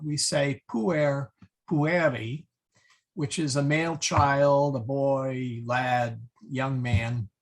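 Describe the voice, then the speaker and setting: A man teaching a Latin class in a halting lecture, with many fillers and self-corrections. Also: medium pitch, breathy edge.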